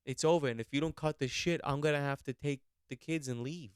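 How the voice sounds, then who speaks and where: A man's voice: fairly high pitch, fairly quick, clear, resonant tone, no echo, clean studio sound, close to an everyday voice. A man doing a fed-up nagging wife. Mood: exasperated. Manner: pleading, repeating herself.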